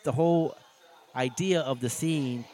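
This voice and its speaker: A man's voice: medium pitch, a little slow, darkish tone. A man co-hosting a podcast, chatting casually about a show they are watching and laughing often. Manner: laid-back, laughs often, acts out quotes. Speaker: podcast co-host. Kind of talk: casual reaction chat.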